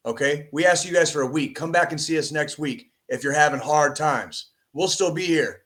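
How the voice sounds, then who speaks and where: A man's voice: a little high, moderate pace, hardly any pauses, a bit bright. Profane, emphatic male podcast host. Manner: profane, emphatic, repeats "okay?" and "all right?". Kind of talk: impassioned podcast monologue.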